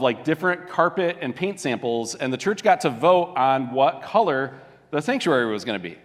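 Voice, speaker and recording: A fairly high-voiced male pastor from Michigan preaches in a relaxed, storytelling way, turning to the congregation with questions. The sound carries the long reverb of a big sanctuary. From Portage, Michigan. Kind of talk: conversational sermon. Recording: long echo of a large hall.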